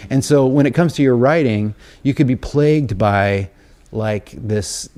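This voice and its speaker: A man's voice: medium pitch, measured pace, dark tone. A middle-aged man, a guest telling a rambling, self-deprecating story on stage before a live audience. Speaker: interview guest, songwriter and author. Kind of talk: live onstage conversation.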